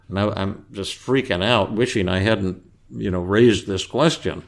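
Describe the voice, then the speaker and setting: A male psychiatrist and podcast host telling a personal story in casual speech, halting with fillers and restarts, raising his voice to act out what others said. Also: fairly low pitch, vocal fry. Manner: acts out quoted voices louder.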